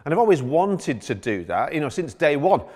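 A man's voice: a little high, sing-song, moderate pace, a little mellow. A middle-aged man, preaching as a pastor who tells a personal story in a conversational way. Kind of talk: sermon. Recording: long hall reverb.

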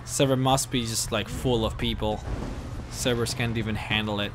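A man commenting on a video game as he plays, excitable and swearing freely. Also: medium pitch, normal speed, slight background noise. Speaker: let's play host. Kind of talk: gameplay commentary.

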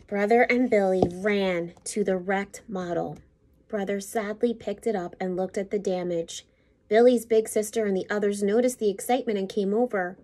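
A school principal, a woman, reading a picture book aloud to children in an expressive, teacherly way. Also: medium pitch, moderate pace.

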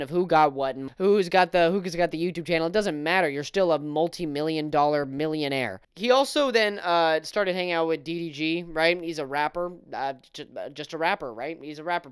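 A man rants through casual commentary, sarcastic and exasperated, circling back with restarts. His voice is smooth and clear, recorded close on a dry mic. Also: a little high, a bit bright, no echo. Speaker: commentary YouTuber.

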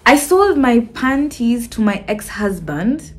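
Giggly Kenyan woman with a lively voice. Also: a little high, takes it slowly. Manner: giggly, animated, mixing in Swahili. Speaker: vlogger reacting to confessions. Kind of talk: casual reaction chat.

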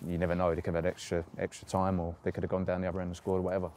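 A man's voice: sits low, completely flat delivery, rapid-fire, a little mellow, slight background noise. A man, a footballer reminiscing in a casual interview, rambling with lots of fillers and laughs. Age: 30s.

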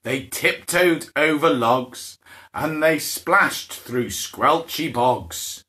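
A man's voice: fairly high pitch, very slow, pushed and bright. A man hosting a live-streamed bedtime story for small children, reading aloud playfully with laughs and put-on character voices. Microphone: phone or camera for a live stream.

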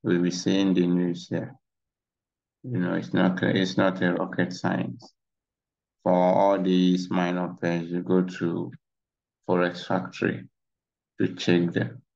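A man's voice: sits low, completely flat delivery, slow pace, creaky, long pauses, darkish tone. A man walking through trading charts in a casual tutorial, rambling and saying "you know" a lot, recorded on a dull lo-fi mic. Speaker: trading instructor. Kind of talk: casual screen-share tutorial.

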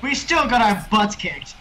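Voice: mid-range voice, sing-song, unhurried, pushed and bright, slight background noise. A channel host playing a car soccer game with a guest, chatting casually, laughing often and joking at their own mistakes. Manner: laughs often, self-mocking. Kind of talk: casual gameplay chat.

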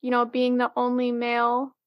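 A woman's voice: on the high side, monotone, moderate pace, dry recording, studio quality. A woman co-hosting a casual podcast, rambling with many fillers and restarts. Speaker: podcast co-host.

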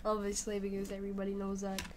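A woman's voice: mid-range voice, completely flat delivery, fast talker, very noisy. A woman giving casual commentary while playing a video game, chatting and reading the on-screen text aloud. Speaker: gamer. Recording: loud game music behind. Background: game music.

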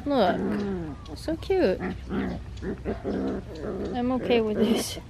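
A woman's voice: expressive, drawn-out words, a crowd in the background. A young woman vlogging at home, chatting casually and scolding her dogs. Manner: scolding dogs, rising to high exasperated calls. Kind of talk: casual vlog chat. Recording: noisy home recording.

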